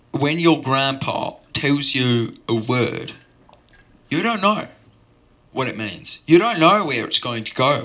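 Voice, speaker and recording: A man's voice: medium pitch, pushed and bright. A man telling a rambling, absurd open-mic story in mock-earnest tones, drifting from tangent to tangent. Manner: stumbling sign-off full of fillers. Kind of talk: improvised comic monologue.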